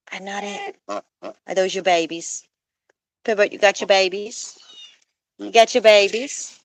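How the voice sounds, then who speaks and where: A woman's voice: medium pitch, unhurried, gravelly, long pauses. A young woman live-streaming outdoors by phone, cooing in baby talk to her pet geese and chatting to viewers. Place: outdoors with geese and other animals.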